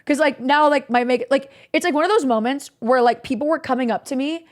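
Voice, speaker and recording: Speaking fairly quickly in a high-pitched voice, a young adult woman tells her stream chat a meandering, frank story. Her talk is packed with "like" fillers and offhand curse words.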